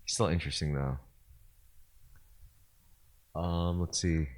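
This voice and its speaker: Low-voiced man rambling on a podcast. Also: fairly even intonation, takes it slowly. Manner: rambling, filler-heavy, restarts often. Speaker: podcast co-host. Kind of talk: casual chat.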